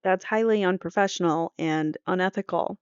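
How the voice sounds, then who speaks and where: A woman's voice: fairly low pitch, normal speed, clean tone, dry recording, dull audio. A woman hosting a court channel, reading trial transcripts aloud and breaking off for opinionated, conversational commentary. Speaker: true crime court channel host.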